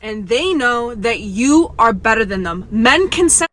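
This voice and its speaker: A woman's voice: a little high, animated, a little slow, a bit bright. A woman speaking casually and self-assuredly in a video clip.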